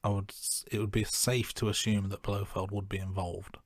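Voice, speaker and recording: A man with a fairly low voice talks through a film's scenes in a relaxed, self-deprecating way. The recording is dry and close, with no room sound. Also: normal speed, no echo. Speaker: podcast co-host. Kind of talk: casual film-review chat.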